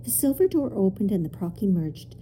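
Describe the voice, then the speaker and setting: A woman narrating a children's story aloud, expressive in her reading. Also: mid-range voice, a little fast, a little hiss or hum. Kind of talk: audiobook narration.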